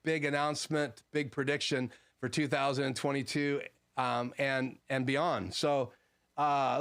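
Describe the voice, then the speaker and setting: Male streamer, clear voice pitched a touch high, relaxed gear-talk from a home studio. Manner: conversational, frequent "um" fillers, explanatory. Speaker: livestream host. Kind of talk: casual gear talk answering live chat.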